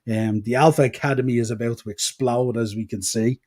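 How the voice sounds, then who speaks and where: Man, Irish Dublin-Wicklow accent, podcast host, casual rambling chat, dark mellow voice. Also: medium pitch, steady tone, brisk. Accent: Irish, east coast Dublin-Wicklow. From Ireland. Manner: chatty, rambling, with fillers. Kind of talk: casual chat reading live comments.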